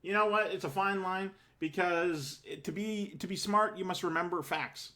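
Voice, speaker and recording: A man's voice: high voice, moderate pace, sharp tone. A man hosting a game playthrough, reading text aloud with rambling, self-deprecating asides, a bit out of breath. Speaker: let's play host. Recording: game music playing behind.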